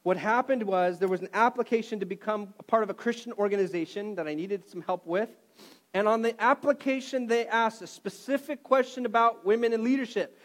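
A middle-aged man preaching a sermon, telling a personal story in an animated way that swings between loud and quiet. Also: sits high, fairly quick. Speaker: pastor.

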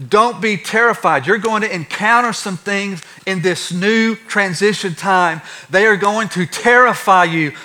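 A male pastor delivers a sermon full of personal stories, acting out scenes and swinging from soft to loud. His voice sits a bit high and sounds bright and forward. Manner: animated, acts out stories with shifting loudness.

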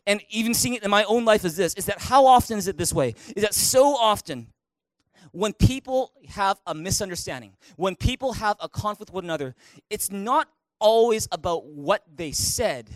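A middle-aged man preaches in an animated way, his voice pitched high. The sound is close and dry, with little room echo. He bursts into loud acted-out quotes to make his points. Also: normal speed. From Canada. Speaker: pastor. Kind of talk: sermon. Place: church auditorium.

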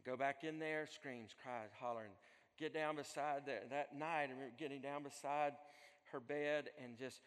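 A male pastor preaching a sermon, swinging from loud pleading to soft, hushed storytelling. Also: mid-range voice, steady tone, normal speed, clear, resonant tone. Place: church sanctuary. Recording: long hall reverb.

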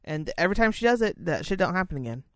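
Here is a profane, rambling speaker of middle pitch, telling a work story in casual chat. The voice sits close in a dry, dead room. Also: big pitch swings, racing, no echo. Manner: profane, rambling storyteller who acts out other people's voices. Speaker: podcast co-host and senior-living staff worker.

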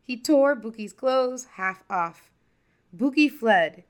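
A woman narrating a folktale in a lively, expressive storytelling voice. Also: on the high side, slow pace.

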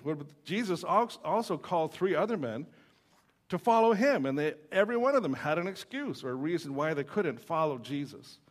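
Man, pastor, preaching; teasing storyteller with a fairly high voice, lots of "uh"s. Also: expressive, brisk. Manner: joking, storytelling, many fillers. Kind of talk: sermon.

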